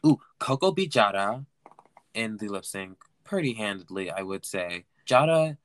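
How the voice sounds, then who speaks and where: A man's voice: on the low side, big pitch swings, normal speed, a bit bright. A man hosting a solo recap podcast in a camp, playful, rambling way, full of fillers and asides. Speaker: podcast host.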